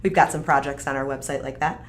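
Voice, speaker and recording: A woman with an extremely low voice talks fast while hosting a live stream. She's upbeat and chatty, full of fillers, as she casually demonstrates a craft kit.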